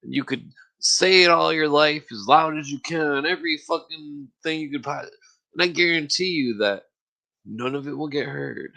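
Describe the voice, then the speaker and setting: A man hosting a podcast, ranting in a casual, profanity-laced monologue and often clearing his throat. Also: on the high side, moderate pace, bright, forceful tone. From United States. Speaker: podcast host. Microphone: podcast microphone.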